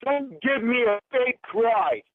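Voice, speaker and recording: A man's voice: very high-pitched, expressive, slow pace, no echo. A man in a furious, swearing phone argument, hurling accusations. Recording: tinny phone line.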